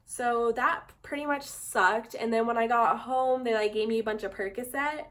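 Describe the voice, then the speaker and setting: A young woman tells a personal story straight to the camera. Her voice sits a little high, and she talks in loose, chatty runs, dropping "like" into almost every phrase. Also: normal speed, fairly bright tone. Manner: chatty, says "like" constantly. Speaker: vlogger. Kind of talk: casual storytime.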